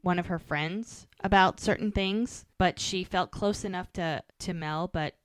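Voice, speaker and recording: A woman's voice: lowish voice, unhurried, no echo. A woman co-hosting a podcast, casually recapping a TV episode and quoting the characters' lines as she goes.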